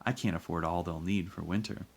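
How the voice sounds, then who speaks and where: A man voicing a gentle, hesitant woman guardian, raising his voice a little for her. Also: deep voice, steady tone, a little fast, vocal fry.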